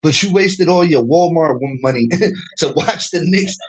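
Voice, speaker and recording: A man's voice: a little high, measured pace, breathy edge, poor audio. A young man with a New York accent, a streamer from the Bronx, trash-talking in a casual, profane livestream rant and laughing between lines.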